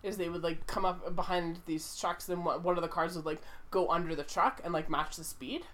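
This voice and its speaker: A woman's voice: lowish voice, steady tone, fairly quick, fairly bright tone. A woman in a casual movie chat, rambling with many fillers and eager to explain. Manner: rambling, filler-heavy, enthusiastic.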